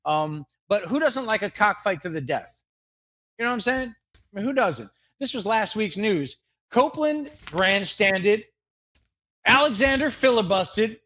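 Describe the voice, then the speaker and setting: A man's voice: high-pitched, big pitch swings, moderate pace, fairly bright tone. A man co-hosting a live comedy fake-news segment, rambling through jokes and laughing at his own gags. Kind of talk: mock newscast banter.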